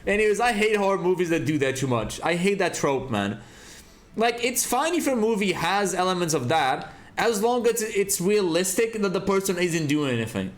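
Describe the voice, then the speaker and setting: A man's voice: high voice, normal speed, roomy sound. A man streaming a game and chatting casually, ranting with lots of swearing. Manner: profane, animated ranting. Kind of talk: casual chat while gaming.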